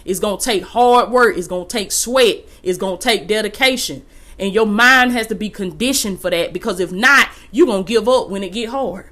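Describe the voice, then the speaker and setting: A woman's voice: mid-range voice, normal speed, fairly bright tone. A woman hosting a podcast, giving a motivational faith-based talk in a folksy, preachy way, repeating phrases for emphasis and calling listeners y'all. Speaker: podcast host and life coach.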